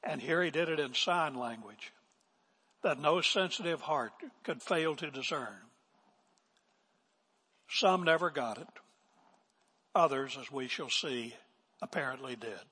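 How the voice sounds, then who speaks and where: An older man preaching a sermon as pastor, swinging from emphatic declarations to hushed asides. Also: mid-range voice, measured pace, pauses often, slightly rough. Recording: long reverb of a large hall.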